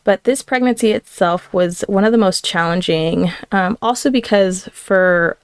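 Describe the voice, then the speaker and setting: A woman in her thirties tells a personal story on her podcast in a chatty, animated way. Her voice is smooth with a gravelly edge of fry. The recording is dry and close. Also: medium pitch, unhurried, no echo. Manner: chatty, animated retelling with quoted voices and laughs. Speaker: podcast host.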